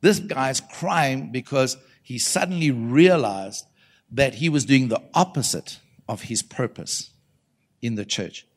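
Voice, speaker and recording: A man's voice: medium pitch, animated, slow. A man delivering a conversational sermon at a conference, with a mid-range voice. He tells stories with animation, acts out the people in them and calls out questions to the congregation. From South Africa. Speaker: prophet preaching at a conference.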